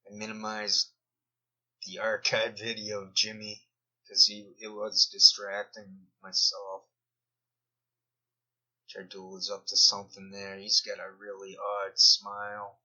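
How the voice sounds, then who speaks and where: A man drawls slowly through rambling commentary over a screen recording, often trailing off mid-thought. His low voice has a sharp, tense edge. The recording sounds dull and lo-fi. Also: completely flat delivery. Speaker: video commentator.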